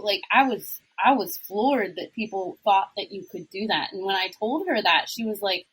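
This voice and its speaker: A woman's voice: medium pitch, moderate pace, hardly any pauses, a bit bright, slight background noise, poor audio. A woman who is a guest on a podcast, chatting casually and reacting with exclamations. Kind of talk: casual chat.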